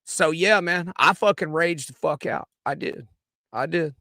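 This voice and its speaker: A man streaming commentary on a recorded radio show, talking in a profane, rambling way that swings from loud outbursts to mutters. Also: fairly high pitch, measured pace, dry recording, clean studio sound. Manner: profane, rambling, swings between shouting and mumbling. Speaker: streamer reviewing his own radio appearance.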